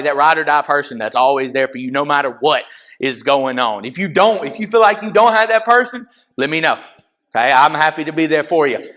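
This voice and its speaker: A man's voice: a little high, a bit bright. A young adult man giving a casual youth sermon, talking straight to the kids and checking in with frequent "okay?"s. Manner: talks straight to the audience, asks them questions. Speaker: youth pastor.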